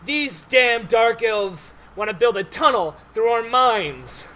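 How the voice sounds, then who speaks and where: A man's voice: very high voice, expressive, slow, sharp tone, exaggerated voice. A man voicing a stubborn, prejudiced male dwarf mine boss in a tabletop game, blustering and indignant.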